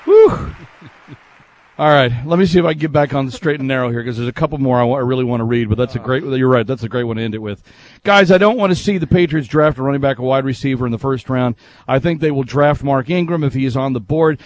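A man's voice: medium pitch, quick pace. A man hosting a sports radio show, reading listener email aloud in casual banter and laughing often. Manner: laughs a lot, reads aloud with gusto.

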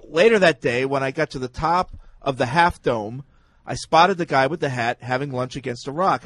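A man's voice: on the high side, fairly bright tone, no room sound, low-quality recording. A man hosting a casual sports radio show, reading listener emails aloud between banter.

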